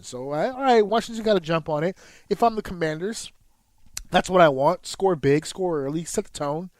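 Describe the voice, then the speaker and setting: A man's voice: fairly high pitch, moderate pace, no room sound. A man co-hosting a podcast, telling a casual, profane story and acting out his own reactions. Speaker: podcast co-host. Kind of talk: casual chat.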